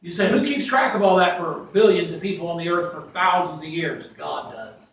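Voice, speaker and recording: A preacher with a high, bright voice works through scripture in a sermon. He reads verses aloud, rising loud on the quoted cries and dropping to quiet asides. He is heard from well back in a very echoey church with a faint hum of room noise. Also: a little fast, distant mic. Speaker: pastor. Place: church sanctuary.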